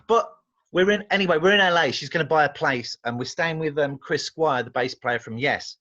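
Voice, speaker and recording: An English man with a fairly high voice tells tales in a loose, rambling way, tripping over restarts as he gets animated. He talks casually as a guest, and the audio sounds slightly muffled and dull. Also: fairly quick. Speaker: guest musician. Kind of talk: casual anecdote telling.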